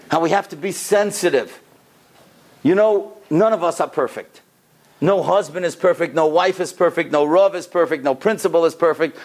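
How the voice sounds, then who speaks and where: A rabbi giving a sermon, telling stories with an animated delivery and a voice that climbs on the key points. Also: male voice, high-pitched. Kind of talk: sermon storytelling.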